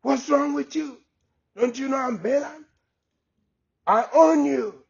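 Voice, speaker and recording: A man's voice: very high-pitched, takes it slowly, gravelly, full character voice. A man voicing an arrogant, angry prophet who bellows commands at his donkey, on a dull lo-fi recording. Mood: furious.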